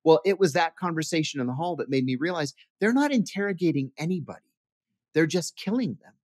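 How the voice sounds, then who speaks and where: A man's voice: on the high side, lively intonation, brisk, a little mellow, no echo, studio quality. A man, a former intelligence officer, telling anecdotes in an interview, acting out quoted dialogue with frequent restarts. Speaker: guest, former CIA officer. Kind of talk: storytelling interview answer.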